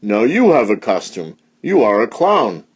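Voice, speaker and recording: A man's voice: lowish voice, big pitch swings, measured pace, breathy edge, full character voice. A man voicing a bossy, know-it-all male bear in a storybook read-along, explaining things firmly. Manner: firm, explaining, patient but blustery. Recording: dull lo-fi recording.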